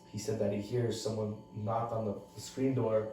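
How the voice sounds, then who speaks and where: A man's voice: fairly low pitch, level tone, moderate pace, dark tone, a little hiss or hum. A man telling a story casually on a podcast. He swears a lot and fills his speech with "like.". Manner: heavy swearing, lots of "like" fillers. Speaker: podcast co-host. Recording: very echoey room, far from mic.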